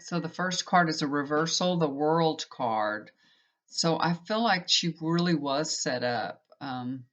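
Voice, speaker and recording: A woman's voice: low-pitched, a bit bright. A woman in her fifties, a tarot reader, telling a rambling personal story in a chatty, casual way. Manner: chatty, rambling, frequent "you know". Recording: dull lo-fi recording.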